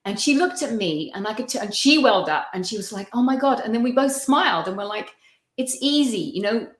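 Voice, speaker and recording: A woman's voice: mid-range voice, lively intonation, fast, echoey room. A woman guest on a live-stream video call, telling personal anecdotes in a chatty, storytelling way. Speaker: guest feng shui consultant.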